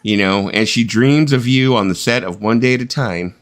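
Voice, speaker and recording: A man's voice: mid-range voice, moderate pace. A man hosting a casual late-night live-stream chat who jokes around and laughs a lot. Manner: joking, laughs often, animated. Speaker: host.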